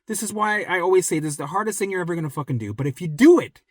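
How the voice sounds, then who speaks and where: A man talking straight to viewers as a recovery coach, blunt and profane, repeating himself for emphasis and dropping to a soft low voice when reassuring. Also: expressive, very fast, no echo, clean studio sound. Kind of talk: direct motivational talk to viewers.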